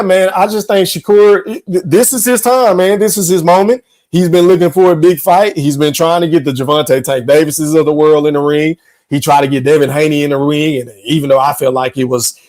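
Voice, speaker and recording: Animated man giving fight predictions. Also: on the high side, poor audio. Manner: animated, emphatic, slangy. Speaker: podcast host.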